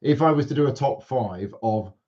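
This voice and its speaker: A man's voice: medium pitch, moderate pace, darkish tone. A man hosting a board game stream, easygoing in casual chat, often giving short agreeing replies. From Devon, England. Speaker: channel host. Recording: dull lo-fi stream audio.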